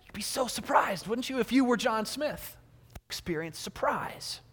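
A man's voice: very high-pitched, animated, normal speed, a bit bright. A man giving a sermon in a church, acting out little everyday scenes with quoted voices. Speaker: preacher. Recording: long hall reverb.

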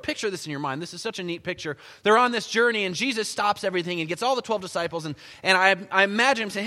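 A man preaching a sermon in a church, conversational and animated as he tells the Bible story. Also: high voice, fast talker. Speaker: pastor. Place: church sanctuary. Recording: long church reverb.

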